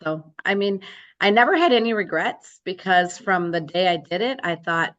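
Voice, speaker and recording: Woman, 60s, low-pitched, animated storyteller voicing quotes; dull lo-fi audio. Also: moderate pace. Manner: lively storyteller acting out quoted dialogue. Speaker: real estate broker, guest. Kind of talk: casual interview storytelling.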